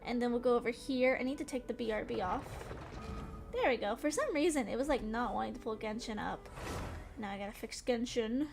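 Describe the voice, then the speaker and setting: Soft music plays behind a young woman streaming games, her fairly high voice expressive, creaky, a little mellow, and slightly fast. She rambles casually on the live stream, still breathless and unsettled after a scary game.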